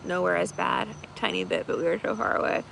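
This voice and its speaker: A woman's voice: lowish voice, fairly even intonation, brisk, vocal fry, a bit bright, slight background noise, low-quality recording. A woman chatting casually on a livestream as a tarot reader host, rambling with many fillers and laughing easily. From United States.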